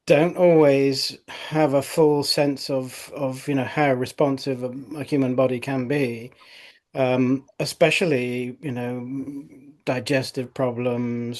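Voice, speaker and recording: A man's voice: medium pitch, a little mellow. Rambling middle-aged male osteopath. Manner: rambling, many fillers and restarts. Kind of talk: interview anecdote.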